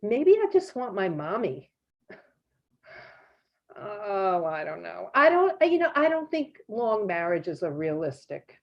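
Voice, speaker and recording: A woman doing stand-up on a comedy stage in a musing, deadpan way. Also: medium pitch, slow. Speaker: stand-up comic. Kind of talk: live stand-up set. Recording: dull lo-fi stage recording.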